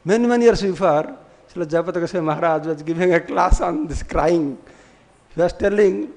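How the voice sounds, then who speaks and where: Monk with a high voice, lively devotional storyteller for a class talk. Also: male voice, brisk, creaky. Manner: storytelling, acting out quoted voices, often laughing. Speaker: monk giving a scripture class.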